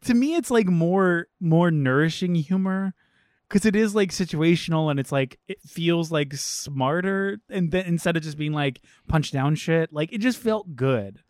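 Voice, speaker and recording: A man's voice: a little high, lively intonation, measured pace, darkish tone, no room sound, studio quality. A man co-hosting a casual movie podcast, chatty, full of "like," swearing freely. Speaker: podcast co-host.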